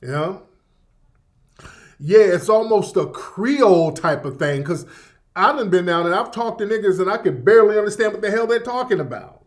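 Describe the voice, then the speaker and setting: A man's voice: high-pitched, lively intonation, moderate pace. A man hosting a radio show in casual livestream commentary, rambling and profane, repeating himself and reacting to chat.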